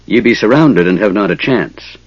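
A man's voice: lowish voice, lively intonation, normal speed, dry recording, highs cut off. A man voicing a commanding male centaur leader who speaks in archaic thee-and-ye phrasing, giving cool, stern orders.

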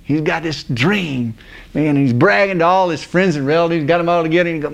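Animated, colloquial male storyteller-preacher. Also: a little high, brisk, gravelly. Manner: colloquial, laughs often, acts out characters.

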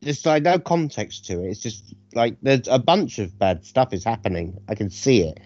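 A man co-hosting a film review chat, animated, sarcastic and freely profane. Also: on the low side, moderate pace, dry recording, highs cut off. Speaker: podcast co-host reviewing films.

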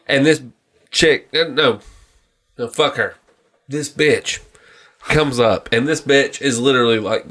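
A man co-hosting a podcast in casual, profane chat, telling stories and acting out people's lines. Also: medium pitch. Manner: profane, animated, acts out stories in voices. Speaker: podcast co-host.

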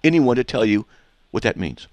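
A man's voice: mid-range voice, very animated, normal speed, a little mellow, dry recording. A man hosting a call-in radio debate who presses a caller with repeated questions and cuts in often. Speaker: radio host.

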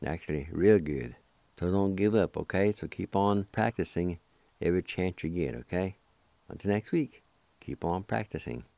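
A deep, mellow-voiced man teaches words slowly, breaking each into syllables and repeating them patiently. He sounds reassuring and unhurried. The sound is dry and close, like a small studio. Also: animated, vocal fry, no echo. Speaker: radio host teaching language. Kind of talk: slow word-by-word pronunciation lesson.

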